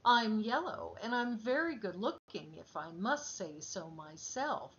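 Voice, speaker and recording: Vain male parrot, as a woman reads him, proud, bossy, slow, lively pitch, slightly dull recording, storybook. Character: vain chatty fat yellow male parrot. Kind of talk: storybook reading.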